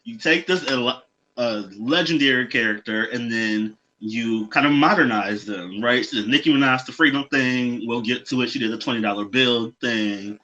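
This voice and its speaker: A man co-hosting a drag show chats casually and emphatically in a mid-range voice that's pushed and bright, at a normal speed. He drops in little history-lesson asides and laughs along. The audio is dull and lo-fi.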